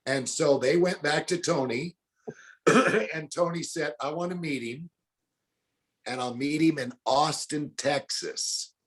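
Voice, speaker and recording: An older man telling animated stories in an interview, acting out the people he quotes. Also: a little high, takes it slowly. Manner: colorful storyteller, acts out quotes in other voices. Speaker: bounty hunter guest.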